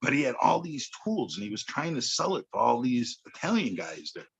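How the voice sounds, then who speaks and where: A man's voice: medium pitch, sing-song, fairly quick, gravelly, slightly rough, muffled recording. A man, telling a street story on a podcast in a blunt, profane way, often checking in with "okay.". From Chicago. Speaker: podcast guest. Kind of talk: casual storytelling chat.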